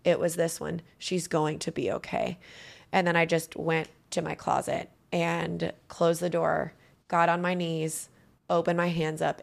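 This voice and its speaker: A woman with a lowish, gravelly voice recounts a personal story as an interview guest. Her telling is earnest and emotional.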